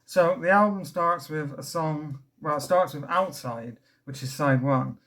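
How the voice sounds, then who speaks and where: A man's voice: fairly high pitch, a little slow, fairly bright tone. A young man talks through an album in a casual, rambling way, full of fillers and restarts. He sounds a little out of breath, and his enthusiasm carries through every tangent. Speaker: record reviewer. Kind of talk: casual album review vlog.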